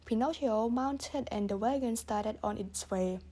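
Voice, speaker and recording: A woman reading a children's story aloud, gently voicing the characters. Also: fairly high pitch, measured pace. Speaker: audiobook reader. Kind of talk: storybook narration.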